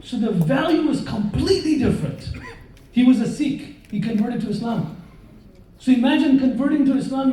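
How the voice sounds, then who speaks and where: A man's voice: very high voice, a little fast. A man preaching a live sermon, telling stories and turning to question and joke with his audience. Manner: lively storyteller who questions and jokes with the audience. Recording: very roomy echo, voice far from the mic.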